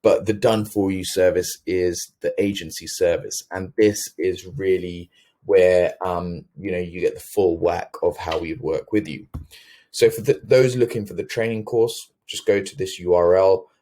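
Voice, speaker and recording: A man's voice: low-pitched, fairly even intonation, unhurried, warm tone. A man hosting a sales webinar, talking earnestly with many ums and restarts. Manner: earnest, filler-heavy, self-correcting. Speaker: webinar host.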